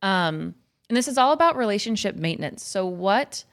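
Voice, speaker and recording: A woman's voice: medium pitch, lively intonation, moderate pace, fairly bright tone. A woman co-hosting a podcast, chatting casually in a bubbly, enthusiastic way. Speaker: podcast co-host.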